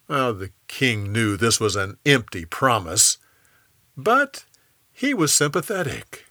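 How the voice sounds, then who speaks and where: A man narrating a scripted story in a lively, expressive way. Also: on the low side, slow, no echo, studio quality.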